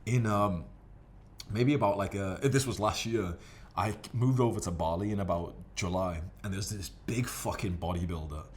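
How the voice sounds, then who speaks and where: A man casually telling gym stories to camera in a profane, rambling, animated way. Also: sits low, moderate pace, a little hiss or hum. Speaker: fitness vlogger.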